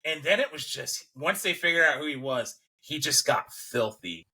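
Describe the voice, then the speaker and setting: A man co-hosting a movie podcast, dropping blunt, dry remarks. His voice is bright and a little sharp, and his pitch moves in a lively way. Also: normal speed, breathy edge. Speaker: podcast co-host. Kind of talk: casual movie review chat.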